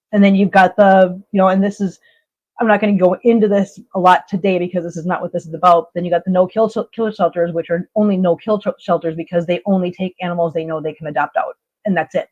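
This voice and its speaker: A woman's voice: lowish voice, a little mellow, dull audio. A woman hosting a live stream, chatting casually and reading out viewer comments, blunt, emotional and repeating herself for emphasis.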